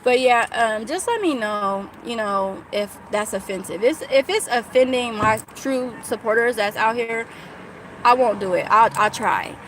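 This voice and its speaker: A woman's voice: a little high, a little slow, fairly bright tone, slight background noise. Candid rambling woman from California. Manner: candid, rambling, frequent fillers and restarts. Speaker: YouTuber talking to live chat. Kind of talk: casual livestream chat.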